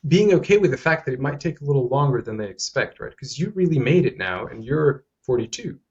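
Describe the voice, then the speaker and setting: A man's voice: medium pitch, sing-song, brisk, a little mellow. Host, man on a remote call, mid-range voice, slightly dull audio, long rambling questions. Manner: frequent short backchannels, wordy questions. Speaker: podcast host. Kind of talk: casual interview conversation.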